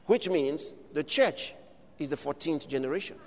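A man's voice: fairly high pitch, expressive, normal speed, a little mellow. A man preaching a sermon, emphatic and exhorting his listeners with repeated questions. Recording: long reverb of a large hall.

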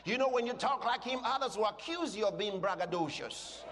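A man with a very high, lively voice preaches with fervor, dropping to calm explanation and then rising to shouted proclamations. His words ring out with a long reverb, as if filling a large hall. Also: brisk. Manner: emphatic, swings from quiet teaching to shouted declarations. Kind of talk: sermon.

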